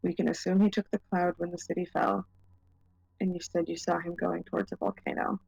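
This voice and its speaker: Gravelly-voiced woman player. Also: on the low side, level tone, fairly quick, a little mellow, no room sound, muffled recording. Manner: thinking aloud, planning. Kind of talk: casual tabletop game talk.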